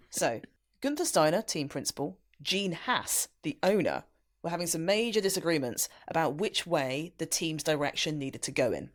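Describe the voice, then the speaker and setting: A woman's voice: sits low, expressive, normal speed. A woman co-hosting a casual podcast in a playful, teasing, giggly way. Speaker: podcast co-host.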